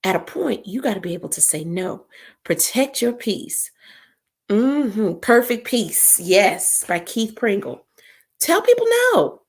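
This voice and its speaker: Gravelly-voiced woman. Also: mid-range voice, lively intonation, slow pace. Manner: encouraging, preachy, talks straight to the audience. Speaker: live-stream host and comedian. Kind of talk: casual chat to viewers.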